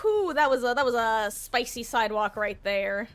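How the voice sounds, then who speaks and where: A woman's voice: a little high, expressive, moderate pace, few pauses, a little hiss or hum. A woman giving chatty, self-mocking live commentary on her game, laughing often. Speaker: streamer.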